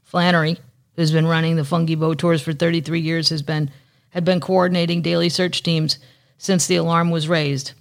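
A woman's voice: low-pitched, level tone, moderate pace. A woman hosting a solo podcast, chatting casually and rambling, swearing freely and dropping into whispers. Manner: chatty, profane, rambling, with sudden soft whispered asides. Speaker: podcast host.

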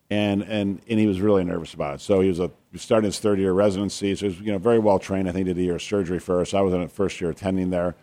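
A man who works as a doctor, co-hosting a podcast and talking in a relaxed, joking way. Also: low-pitched. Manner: relaxed, conversational, prone to pranks and jokes. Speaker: physician podcast co-host. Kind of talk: casual chat and storytelling.

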